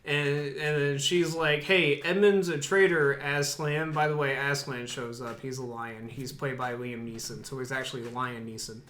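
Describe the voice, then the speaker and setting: A man co-hosting a casual podcast, retelling a film plot in a halting, rambling way with lots of fillers. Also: mid-range voice, little pitch movement, fairly bright tone. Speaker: podcast co-host. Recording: echoey room.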